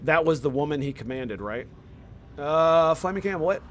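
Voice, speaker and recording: Young man, game streamer, casual slangy chat, excitable rambling, slightly high voice, faint background noise. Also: normal speed.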